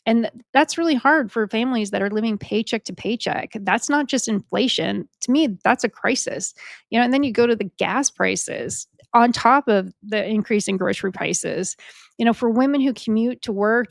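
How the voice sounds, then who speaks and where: A woman's voice: medium pitch, vocal fry, no room sound, studio quality. A woman in her forties from Canada, a real estate agent giving frank, exasperated commentary full of fillers and the odd swear word. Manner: frank and exasperated, swears freely, heavy on "like" and "you know". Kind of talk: casual political commentary.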